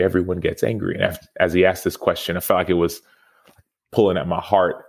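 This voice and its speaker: A man in his thirties speaks with a notably low pitch. He is a podcast guest and former football player, earnest and reflective as he tells a personal story. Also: fairly even intonation, quick pace, vocal fry. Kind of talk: storytelling interview answer.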